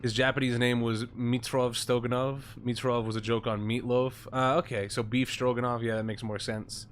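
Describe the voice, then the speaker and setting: A man's voice: mid-range voice, normal speed. A man streaming a game live, casually joking and swearing as he comments. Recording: steady background noise.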